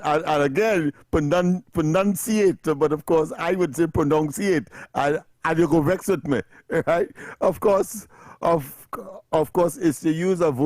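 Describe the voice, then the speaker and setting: A man's voice: a little high, mellow, dry recording. A man from Trinidad with a Trinidadian accent, co-hosting a radio call-in show in a playful, laughing way. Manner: playful, laughs a lot, talks over others. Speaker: radio co-host. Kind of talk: casual call-in banter.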